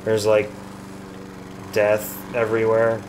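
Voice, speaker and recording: A man co-hosting a let's play in casual chat, with deadpan delivery and dark jokes. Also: on the low side, slow pace, background noise.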